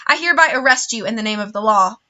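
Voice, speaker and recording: A woman's voice: fairly high pitch, expressive, quick pace, sharp tone, lo-fi sound. A woman reading aloud voices an exasperated, fussy man who works as a banker. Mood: stern.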